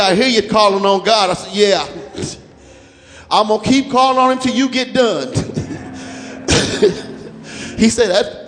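Older male pastor, very high voice, shouting repetitive sermon cadence, echoing church hall. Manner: shouting, rhythmic repetition, chanted phrases.

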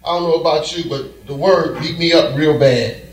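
A middle-aged man preaching a sermon in a rhythmic, folksy way that rises to shouts, in an echoey church recorded from a distance. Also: a little high, moderate pace. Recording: echoey church heard from afar.

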